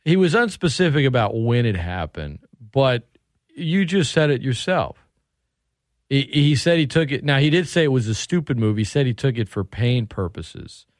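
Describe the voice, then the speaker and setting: A man hosting a sports radio show, telling stories in a chatty, animated way. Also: medium pitch, moderate pace, dry recording, clean studio sound. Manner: chatty, animated storytelling with impressions. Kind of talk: casual sports talk.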